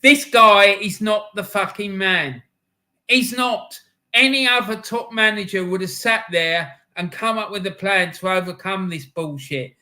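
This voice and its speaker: A middle-aged man hosts a live match-day stream in a fairly high voice, ranting and shouting with heavy swearing. His tone is bright and forceful, and he breaks off to read chat messages aloud. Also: measured pace.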